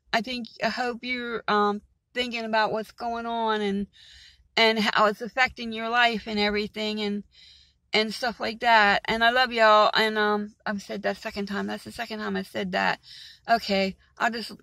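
A woman's voice: a little high, vocal fry, bright, forceful tone, no echo, rough recording. A woman vlogger from Maryland rambling in a casual, agitated and exasperated way about her day. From Maryland, USA.

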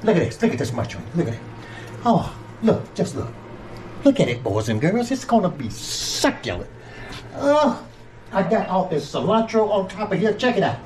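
A man's voice: sits high, darkish tone, a little hiss or hum. Folksy older man hosting a cooking vlog. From Georgia, USA. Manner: folksy, playful, talks straight to viewers. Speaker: home cook and channel host.

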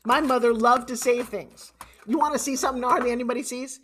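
This is a middle-aged woman delivering a motivational keynote from the stage, her voice pitched a little above the usual for a woman. She talks in an animated, emotional way, pushing some lines out loud and dropping others to a hush, and at times she is close to tears. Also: fast talker, slight background noise. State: tearful at times. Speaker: motivational speaker. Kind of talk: live motivational keynote speech.

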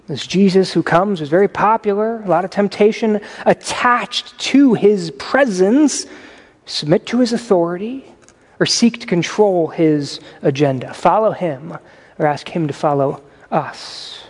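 A man preaching a sermon as pastor in a conversational way, with animated asides. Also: high voice, unhurried, big-room sound. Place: church sanctuary.

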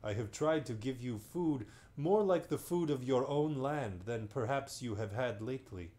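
A man's voice: medium pitch, expressive, moderate pace, dark tone, natural voice. A man reading a bedtime story aloud, voicing a kindly, sleepy old male magician who is genial and chatty.

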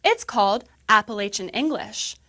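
A woman playing a friendly English teacher in a scripted lesson video, explaining slowly and clearly. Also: mid-range voice, lively intonation, bright, forceful tone. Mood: cheerful. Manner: slow, clear teaching delivery. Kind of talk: scripted educational dialogue.

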